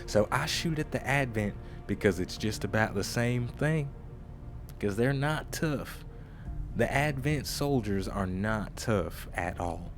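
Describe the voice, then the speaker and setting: A man voicing a boastful Southern soldier who used to hunt rabbits, with a put-on Southern US accent and a slow drawl. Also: lowish voice, lively intonation, faint music behind. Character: gruff Southern male rabbit-hunting soldier.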